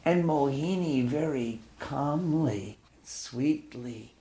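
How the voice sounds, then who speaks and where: A man teaching a devotional discourse with a slow, unhurried delivery. His pitch is lively and wide-ranging, rising high for emphasis and dropping low, and his voice sits a little higher than most men's. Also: slight background noise. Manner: storytelling, expressive, unhurried. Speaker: spiritual teacher.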